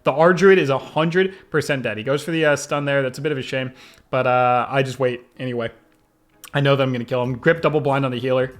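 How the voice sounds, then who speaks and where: A young man commentating his own game replays in an excitable, fast-shifting way, often laughing. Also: medium pitch. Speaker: gaming video creator.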